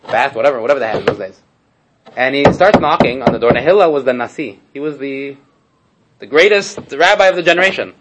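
A man's voice: mid-range voice, lively intonation, fast talker, heavy background noise. A man giving a casual Torah class, telling stories with rhetorical asides, Hebrew terms and frequent restarts. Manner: repeats and restarts phrases while storytelling. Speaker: Torah teacher.

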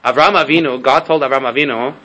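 A Torah teacher with a medium-pitched voice talks very fast, sounding pushed and bright, in a low-quality recording. During his casual class he tells stories with rhetorical asides and Hebrew terms, repeatedly restarting and repeating his phrases.

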